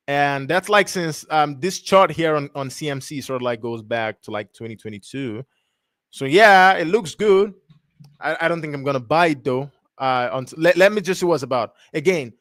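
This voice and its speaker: A young man talks through a crypto chart on a livestream in a casual, rambling way, reading web text aloud haltingly and correcting himself as he goes. His voice sits a bit high, and the close mic leaves it dry with no room sound. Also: no echo. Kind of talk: casual thinking-aloud screen review.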